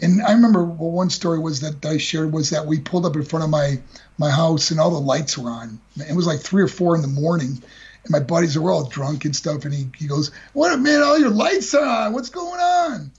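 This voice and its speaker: An older man with a very husky voice, telling a personal story in an earnest, heartfelt way with many repeated words. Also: fairly high pitch, a little mellow. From United States. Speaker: guest speaker. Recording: dull lo-fi call audio.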